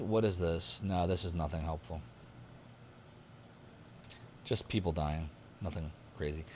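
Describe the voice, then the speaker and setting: Lively low-voiced male game streamer. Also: slight background noise. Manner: chatty, thinks aloud while taking notes. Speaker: streamer playing a detective game. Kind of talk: casual live-stream commentary, reading game text aloud.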